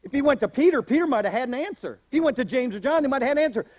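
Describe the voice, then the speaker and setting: A man pastor preaching a sermon, animated, acting out voices in the story he tells. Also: very high-pitched, rapid-fire, no echo.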